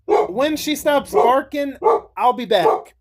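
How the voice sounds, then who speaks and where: High-voiced chatty man recapping movies. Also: lively intonation, slow pace. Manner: rambling, chatty retelling with frequent laughs and swearing. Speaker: YouTuber reviewing movies. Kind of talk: casual movie recap and ranking.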